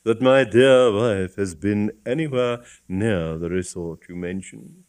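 A stiff, pompous old bishop with a stately, lofty way of speaking, as a man reads him in a storybook. The voice sits fairly low and carries firmly. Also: slow pace, darkish tone. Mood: frigid. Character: pompous older male bishop, stiff and haughty.

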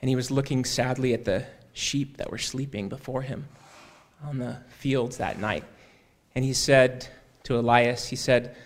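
A man telling a story aloud in an unhurried, conversational way, often repeating "he said" and restarting phrases. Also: mid-range voice, fairly even intonation. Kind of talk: oral storytelling.

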